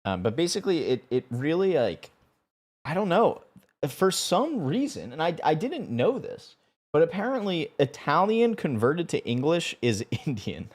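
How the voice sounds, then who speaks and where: A man's voice: fairly high pitch, big pitch swings, normal speed. Young guy streamer, rambly and chatty, voice swoops up and down a lot. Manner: rambling, stumbling, laughing often. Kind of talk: casual live-stream chat.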